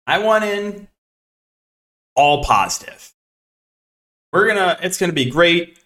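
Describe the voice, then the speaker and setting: A man hosting a fantasy sports podcast in casual solo commentary. He is sarcastic and exasperated, keeps repeating "right?", and swings between low mutters and loud outbursts. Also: animated, takes it slowly. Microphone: camera facing speaker.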